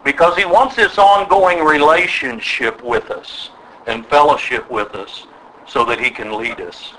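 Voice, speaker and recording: A man's voice: a little high, unhurried, a bit bright, a little hiss or hum, rough recording. An older man preaching a sermon, emphatic and drawing call-and-response from his listeners. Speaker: pastor.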